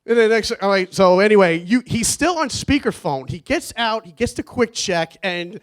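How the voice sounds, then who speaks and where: A man's voice: sits high, animated, moderate pace. A man giving a rambling, nervous wedding toast for his brother, laughing often. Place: wedding reception.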